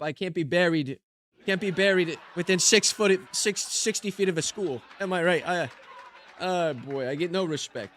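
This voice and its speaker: A man doing an impression of a nervous, self-mocking stand-up comedian who delivers quick one-liners and keeps complaining that nobody respects him. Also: high voice, a bit bright, dry recording. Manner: self-deprecating one-liners with a recurring catchphrase. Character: nervous middle-aged male stand-up comic, self-mocking.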